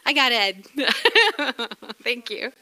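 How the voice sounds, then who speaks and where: A middle-aged woman with a New England accent teaching a sermon in a chatty way, laughing often and breaking into lively exclamations. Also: on the high side, drawn-out words. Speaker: Bible teacher.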